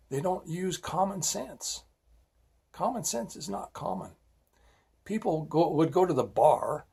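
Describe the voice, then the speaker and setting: Husky, darkish in tone, and on the high side, this middle-aged man's voice delivers a safety talk drawing on his years as a police officer. He tells personal stories, stresses points emphatically, scolds bluntly, and repeatedly checks in with "all right?"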